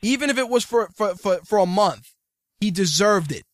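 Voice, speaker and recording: A man's voice: sits high, expressive, normal speed, dry recording, clean studio sound. A man hosting a podcast, ranting in profane casual banter. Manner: ranting, swearing, mocking. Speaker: podcast host.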